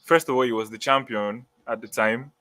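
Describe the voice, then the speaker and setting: A man co-hosting a casual live-stream chat, weighing his opinion in a measured way. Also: medium pitch, steady tone, pushed and bright. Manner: measured, reasoning aloud with hedges. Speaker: co-host.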